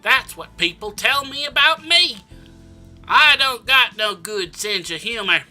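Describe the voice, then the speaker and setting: A man hosting a comic game playthrough, talking slowly and rambling in a shifting put-on accent. His voice is very bright and forceful, with faint music behind it. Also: extremely high pitch, lively intonation. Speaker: gaming channel host.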